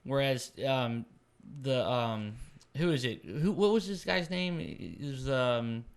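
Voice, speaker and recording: A man talking casually on a podcast with an ordinary, mid-pitched voice. He stumbles and repeats words as he works through a thought, then pushes on. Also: clear, resonant tone. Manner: halting, repeats words while thinking. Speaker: podcast co-host. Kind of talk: casual chat.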